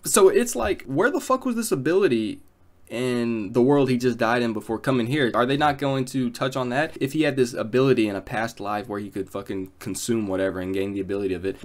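A man ranting through a profane, mocking anime review, scornful and peppered with slang fillers. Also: on the low side. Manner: mocking, contemptuous, profanity-heavy, fillers like "bro".

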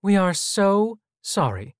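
A tired, disappointed mother, weary and apologetic, as a man puts her on. She sits well above the storyteller's own voice, in a dry, close sound. She speaks slowly and sounds worn out. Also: high-pitched, sing-song, clear, resonant tone, dry recording, pitched above the performer's own voice, heavily acted.

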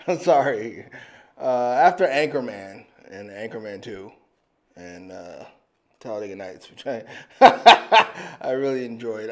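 Lively-voiced man reacting to a movie. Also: mid-range voice. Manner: laughs often, loose and rambling with fillers; swears freely. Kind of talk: casual movie reaction chat.

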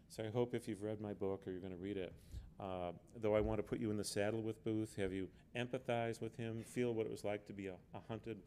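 A man with a fairly low voice gives an earnest author's talk at a book festival. He leans hard on key words and sometimes repeats himself as he builds a point. A faint hum sits under the recording. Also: mellow. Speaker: author speaking on a panel. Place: book fair event.

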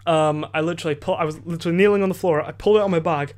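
A man's voice: fairly high pitch, fairly even intonation, rapid-fire, darkish tone. A teenage boy hosting his podcast, telling a story in a rambling casual way, full of fillers and restarts and casual swearing. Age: teens. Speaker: podcast host. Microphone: desk microphone.

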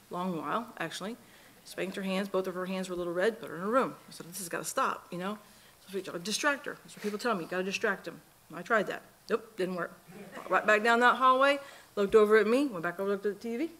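In a church sanctuary, a middle-aged mother speaks at a memorial service, telling earnest, folksy stories about her daughter full of quoted dialogue. Her mid-range voice is fairly bright and moves at a quick pace.

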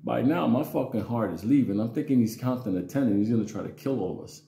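A man's voice: medium pitch, quick pace, vocal fry, dark tone. A man telling a childhood story in a casual, rambling, profane way with lots of fillers. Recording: roomy echo.

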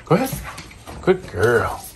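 A man's voice: medium pitch, wildly swooping pitch, unhurried, slight background noise. A man talking to his dogs in a coaxing, sing-song way while he gets their lunch ready, first outdoors and then inside. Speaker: dog vlogger. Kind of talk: casual talk to his dogs. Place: outdoors in a yard, then indoors.

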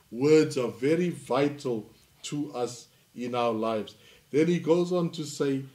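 Slow, deliberate male pastor preaching. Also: medium pitch, a little mellow. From South Africa. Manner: slow and deliberate, rising to emphatic reading of scripture. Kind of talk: sermon.

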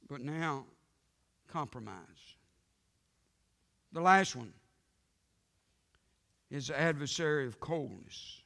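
A male pastor preaching a sermon emphatically, swinging between loud outbursts and hushed lines, with frequent amens. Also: fairly high pitch, slow pace, pauses often. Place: church sanctuary. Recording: reverberant church sanctuary broadcast.

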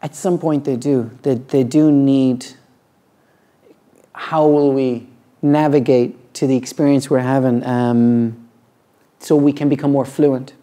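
A middle-aged man, a yoga teacher, talking reflectively and earnestly about his practice, halting often and restarting his sentences. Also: medium pitch, steady tone, warm tone. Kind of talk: reflective personal talk.

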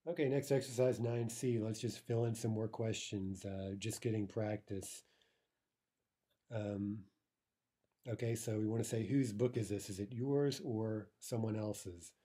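A man with a lowish voice teaches a casual spoken language lesson, explaining things in a relaxed way and often checking in with "right?" He slows down whenever he pronounces Russian example phrases.

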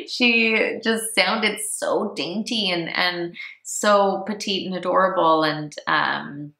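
A woman's voice: deep voice, slow, vocal fry, few pauses, bright, forceful tone. A woman in her thirties telling a personal story in a casual vlog, chatty and emotional, laughing often. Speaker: vlogger. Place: home room, indoors. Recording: echoey room.

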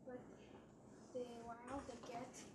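A woman's voice: a little high, sing-song, measured pace, gravelly, a little mellow. A woman student asking a question in class, hesitant and searching for words, picked up faintly by a distant mic.

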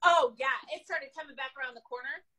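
A woman, an animal control officer, telling a story from her work in an animated, casual way, laughing often. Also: high-pitched, fast talker, a crowd in the background, poor audio.

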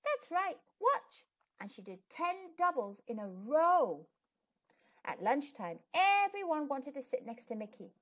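A woman reads a children's picture book aloud for a storytime channel. Her fairly high voice moves expressively up and down. She narrates in a clear, storytelling way. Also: big pitch swings, unhurried.

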